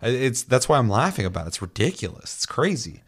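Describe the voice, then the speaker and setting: A man's voice: medium pitch, sing-song, quick pace, husky. A man co-hosting a casual gaming podcast, ranting and swearing often with bursts of laughter. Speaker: podcast co-host.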